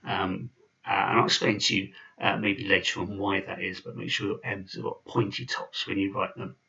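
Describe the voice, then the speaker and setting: A man's voice: low voice, monotone, normal speed, creaky, bright, forceful tone, recorded from a distance, highs cut off. A man giving an informal video lesson, chatty and full of fillers and restarts. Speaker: language teacher.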